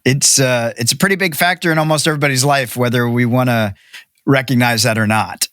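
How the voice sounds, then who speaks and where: A man's voice: mid-range voice, fairly bright tone, dry recording. Male podcast host, dry sound. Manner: measured, probing questions. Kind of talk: interview questions.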